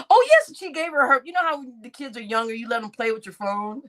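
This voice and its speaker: A woman's voice: fairly high pitch, animated, fast, hardly any pauses, a bit bright. A middle-aged woman chatting on a live stream, reading out chat names, laughing often and swearing freely.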